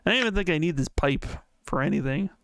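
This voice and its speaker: Gravelly-voiced man streaming a game. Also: on the high side, animated, fast talker, noisy background. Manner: chatty, reads game text aloud, thinks out loud. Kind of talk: casual let's-play commentary.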